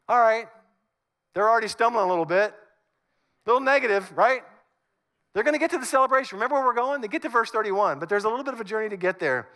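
A man preaching a sermon as pastor in an animated, conversational way, acting out the scripture he reads. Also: high voice, fast talker, long pauses.

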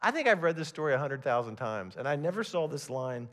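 A man preaching a sermon to a congregation, reading scripture aloud in an animated way with some stammered restarts. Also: medium pitch, fast. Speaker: pastor.

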